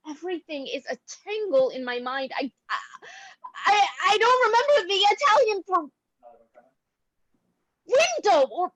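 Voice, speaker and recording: A woman's voice: sits high, bright, forceful tone, dry recording. A woman playing a despairing young woman of twenty-three, crying through her lines in a cold read over a video call. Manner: sobbing, anguished outbursts. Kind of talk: cold-read stage drama.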